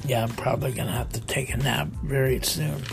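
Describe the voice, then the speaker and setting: A man's voice: medium pitch, fairly even intonation, a little fast, vocal fry, faint music behind. A man hosting a casual solo podcast, reading odd news stories in a loose, rambling way and stumbling over words. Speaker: podcast host.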